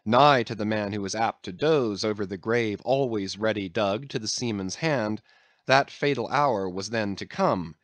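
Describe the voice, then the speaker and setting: A man's voice: mid-range voice, no echo. A man narrating an audiobook with a dramatic storytelling delivery. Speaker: audiobook reader. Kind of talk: scripted narration.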